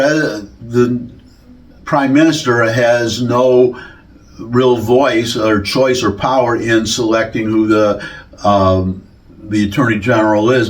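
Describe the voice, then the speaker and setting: A man from the United States giving a rambling solo commentary, full of restarts and self-corrections. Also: mid-range voice. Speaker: political commentator.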